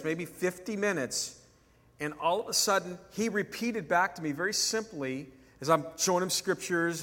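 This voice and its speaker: A man's voice: a little high, a bit bright, in a large hall. A male pastor preaching a sermon in a conversational way, acting out dialogue when he tells stories.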